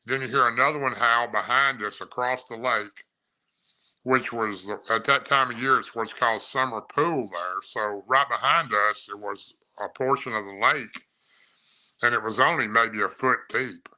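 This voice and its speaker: A man's voice: mid-range voice, normal speed, bright, forceful tone, poor audio. Folksy man recounting a scare. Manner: rambling, repeats himself, folksy phrasing. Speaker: eyewitness recounting an encounter. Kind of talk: casual first-person storytelling.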